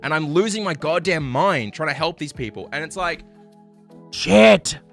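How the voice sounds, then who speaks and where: A man ranting on a live stream, frustrated and swearing, apologizing, swinging between loud outbursts and low muttering. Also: animated, a little fast, faint music behind.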